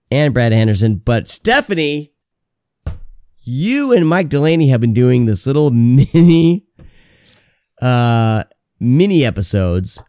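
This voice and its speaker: Male podcast host, smooth and clear tone, dry close sound, joking and loose with plenty of fillers. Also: mid-range voice, mellow, dry recording. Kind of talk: casual chat.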